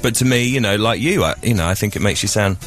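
A man's voice: lowish voice, fast, a bit bright, faint music behind. Hesitant male radio co-host. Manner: hesitant, hedging with fillers. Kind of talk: casual radio chat.

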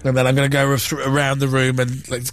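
A man's voice: medium pitch, completely flat delivery, fast talker, no room sound. A man hosting a radio show, teasing and bossing his co-hosts in casual banter from a studio. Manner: teasing, bossy. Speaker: radio host.

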